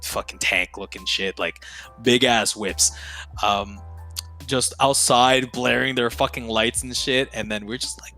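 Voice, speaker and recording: A young man, a podcast guest, telling stories in a casual, slangy, profane and excitable way. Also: medium pitch, moderate pace, faint music behind. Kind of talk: casual storytelling.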